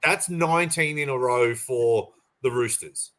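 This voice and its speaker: Over a remote call, a man co-hosting a sports podcast chats casually, his medium-pitched voice unhurried and a bit bright. He gets passionate, rambling and restarting as he goes.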